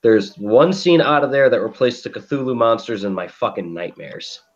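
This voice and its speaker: A man co-hosting a podcast, telling a story in a profane, animated way and acting out quotes. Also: medium pitch, moderate pace, lo-fi sound. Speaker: podcast co-host. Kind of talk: casual chat.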